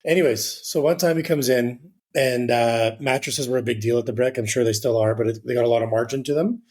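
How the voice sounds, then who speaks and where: A man's voice: mid-range voice, fairly quick, darkish tone. A man, a real estate agent guest on an interview podcast, telling a rambling anecdote in a casual way with the odd swear word.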